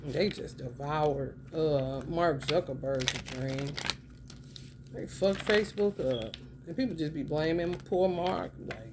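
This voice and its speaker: A low-pitched woman talks through a spiritual reading in a blunt, profane, streetwise way. She draws some phrases out slowly and fires off others fast. A clear hum of background noise sits under her voice. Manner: emphatic, swings between drawn-out and rapid phrases. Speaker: spiritual reader. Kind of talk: casual spiritual commentary.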